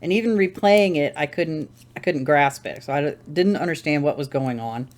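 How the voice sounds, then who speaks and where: A woman's voice: low-pitched, moderate pace, darkish tone. Rambling woman chatting while she knits. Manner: rambling, self-correcting, thinking aloud. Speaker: crafting channel host. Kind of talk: casual chat while knitting. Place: at home.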